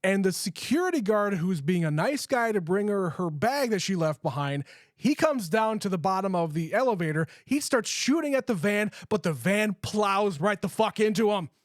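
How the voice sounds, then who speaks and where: A man co-hosting a movie podcast, retelling scenes with animated, casual energy and loose swearing. His voice sits high for a man. The recording is close and dry. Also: normal speed, dry recording. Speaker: podcast co-host. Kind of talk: casual movie review chat.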